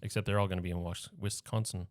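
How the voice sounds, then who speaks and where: A man co-hosting a podcast in casual chat, tossing out quick questions and short reactions. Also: deep voice, steady tone, no room sound, studio quality. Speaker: podcast co-host.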